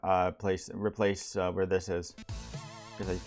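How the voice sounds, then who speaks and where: A young man streaming as he builds a game level, talking casually in a halting way with many restarts and fillers. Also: deep voice, level tone, music in the background. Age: young adult. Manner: halting, many restarts and ums, reads chat aloud. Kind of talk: casual live-stream talk.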